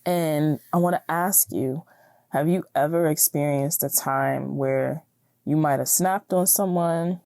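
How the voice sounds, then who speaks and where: Low-voiced woman hosting a chatty podcast. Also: unhurried, mellow, no echo, studio quality. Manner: chatty, encouraging, laughs often. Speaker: podcast host. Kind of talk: casual solo podcast talk.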